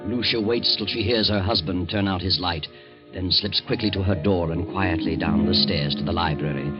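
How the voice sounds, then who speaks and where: A male narrator telling a suspense story in a measured, dramatic 1940s radio style. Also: sits low. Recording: dull old radio recording with music.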